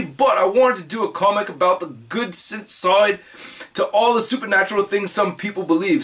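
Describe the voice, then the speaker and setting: A man's voice: high voice, fairly bright tone. A man reading a fan letter aloud in a put-on British accent as a young British male fan, hesitant and self-aware about the accent.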